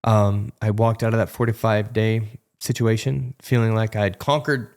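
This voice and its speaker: A man's voice: lowish voice, little pitch movement, normal speed, darkish tone. A man in his thirties giving a frank, conversational recovery testimony as an interview guest, often acting out remembered dialogue.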